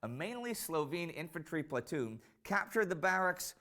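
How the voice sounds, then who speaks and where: A man narrating a history documentary in a scripted, storytelling way. His voice sits fairly high and moves with a lively, expressive melody. He lifts his tone when voicing quoted lines. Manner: measured storytelling delivery, rises for quoted speech.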